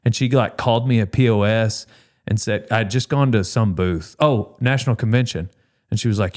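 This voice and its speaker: A man's voice: lowish voice, normal speed. A man hosting a podcast, telling a story in casual chat and acting out the quotes with big jumps in his voice. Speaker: podcast host.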